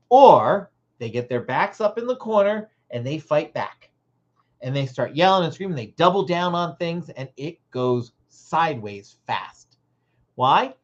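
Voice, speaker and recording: A Christian parenting coach hosting a livestream, teaching parents in an animated way and acting out short dialogues. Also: mid-range voice, muffled recording.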